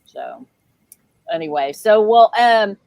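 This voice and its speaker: A woman's voice: mid-range voice, huge pitch swings, takes it slowly, darkish tone, no room sound. A middle-aged woman, a children's author, chatting casually on a video call from a small RV, with lots of fillers and laughs. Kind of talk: casual livestream chat. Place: small RV with pets.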